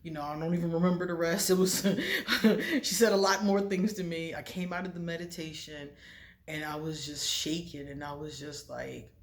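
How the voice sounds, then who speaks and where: A woman vlogging in a casual chat to the camera, animated and confiding, laughing often as she talks to her viewers. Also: lowish voice, normal speed. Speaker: spiritual vlogger.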